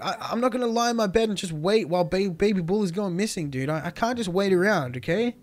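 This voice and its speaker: A man with a high voice hosts a casual game roleplay and plays his own character. He talks in an excitable, slangy way and keeps calling the others dude and man. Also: fast talker, hardly any pauses, faint music behind. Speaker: roleplay series host playing himself. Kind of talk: Minecraft roleplay chat.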